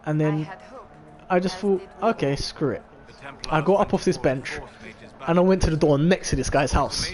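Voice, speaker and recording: A young man tells a long, meandering story in a casual chat. His voice sits a little high, and he swears freely, packing every sentence with filler words. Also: moderate pace, a little mellow. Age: 20s. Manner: rambling and profane, full of filler "like". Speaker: vlogger.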